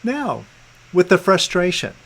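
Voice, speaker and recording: Calm, coaxing male coach. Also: sits high, unhurried, creaky, husky, low-quality recording. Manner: calm, coaxing, repeats gentle prompts. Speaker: meditation coach. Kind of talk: guided release coaching session. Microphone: video call.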